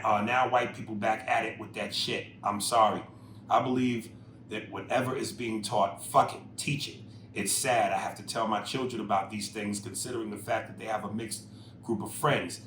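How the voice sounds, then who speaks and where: A man with a fairly low voice co-hosts a casual podcast, reading emails aloud and riffing with profane, animated energy. He swings up loud and high when he drives a point home. The room has a noticeable echo, and a faint hiss sits under the voice. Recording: roomy echo with faint noise.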